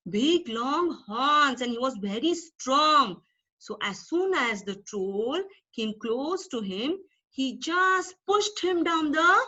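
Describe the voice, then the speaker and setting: A woman preschool teacher with an Indian English accent, telling a story to young children in an animated way and asking them questions, on a dull lo-fi recording. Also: high-pitched.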